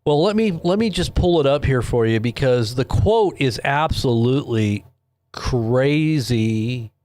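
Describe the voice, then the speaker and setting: A man's voice: mid-range voice, expressive, measured pace, darkish tone. A man hosting a late-night live news stream, chatting loosely with viewers and rambling through stories, speaking into his own microphone. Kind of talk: casual live-stream chat, reading viewers' comments. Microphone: own desk microphone.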